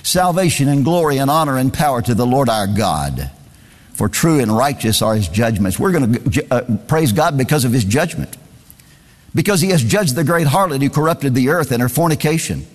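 A man's voice: medium pitch, big pitch swings, normal speed, long reverb tail. A man preaching a sermon, reading scripture aloud in a singsong cadence and repeating phrases for emphasis.

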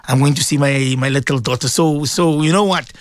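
A man's voice: mid-range voice, a little fast, no room sound, clean studio sound. A middle-aged man, hosting a call-in radio show in casual, rambling chat and greeting listeners by name.

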